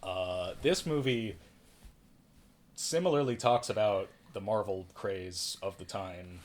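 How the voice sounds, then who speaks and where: A man's voice: fairly low pitch, slow pace, a little hiss or hum. A man hosting a casual film review podcast, rambling and self-correcting with a wry tone. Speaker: podcast host reviewing films. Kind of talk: casual chat.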